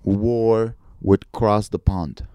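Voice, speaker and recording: A man co-hosting a podcast, chatting casually and telling jokes with animated delivery. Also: lowish voice, extremely slow, clean tone. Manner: animated, joking, bursts into silly voices. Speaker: podcast co-host and comedian. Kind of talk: casual comedic chat.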